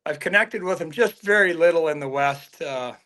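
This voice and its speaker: A man appearing as a podcast guest who remembers old teammates in a relaxed, casual way. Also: fairly high pitch, moderate pace. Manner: relaxed, reminiscing. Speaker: podcast guest, hockey scout. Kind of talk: casual chat.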